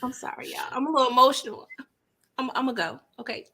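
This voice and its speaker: New woman panelist, playful and lively, high and bright. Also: quick pace. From Harlem, New York City. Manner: playful, animated, mock acceptance speech. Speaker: panel guest. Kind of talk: casual panel chat.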